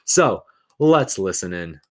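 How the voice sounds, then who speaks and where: A man's voice: deep voice, very animated, takes it slowly. A man hosting a casual political commentary show, enthusiastic and peppering his talk with "all right". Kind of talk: casual commentary over clips.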